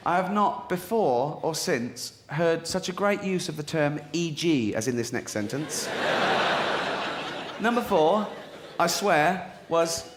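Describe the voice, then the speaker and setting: Stand-up comic, mocking and sweary, a touch high, live room with audience noise. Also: male voice, animated, slow. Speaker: stand-up comedian. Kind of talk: stand-up routine. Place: theatre stage, live audience. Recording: echoey venue with crowd noise.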